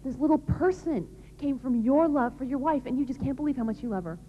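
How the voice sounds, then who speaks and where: A woman's voice: sits high, expressive, fast, slight background noise. A woman giving a live talk to an audience, telling a story and asking them rhetorical questions. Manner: addresses the audience directly. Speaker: public speaker on love and marriage. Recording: dull, lo-fi recording.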